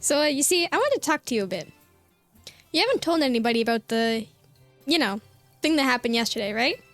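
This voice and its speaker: A woman's voice: high-pitched, big pitch swings, fairly quick, fairly bright tone, no room sound, soft background music, voice pushed down. A woman reading aloud the lines of a bossy, proud teenage girl from a game, in a dramatic way. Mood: demanding.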